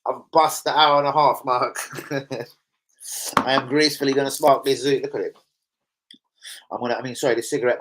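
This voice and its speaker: A man's voice: mid-range voice, normal speed, pauses often, rough recording. A man hosting a fan channel, chatting casually about football, full of slang and swearing. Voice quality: profane, animated, slang-heavy. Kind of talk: casual livestream chat.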